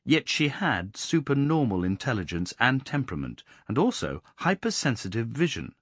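A man narrating a novel in the first person, in a measured, expressive reading. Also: medium pitch, breathy edge, dry recording, studio quality. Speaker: audiobook narrator.

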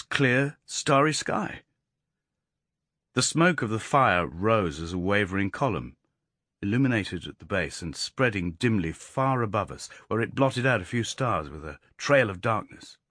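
Husky male audiobook narrator. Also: mid-range voice, no room sound, studio quality. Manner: expressive storytelling, voicing characters in dialogue. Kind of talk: storytelling narration.

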